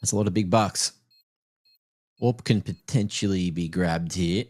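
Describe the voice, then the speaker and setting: Male esports caster with a slightly low voice; quick, chatty, jokey play-by-play on a headset. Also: a little mellow. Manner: chatty and joking, teases players and viewers. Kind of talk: live play-by-play game commentary.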